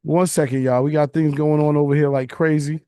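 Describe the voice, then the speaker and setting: Male podcast host, laid-back, laughs easily, fairly high voice, dry sound. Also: flat delivery, fairly quick, mellow, clean tone, dry recording. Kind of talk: casual chat.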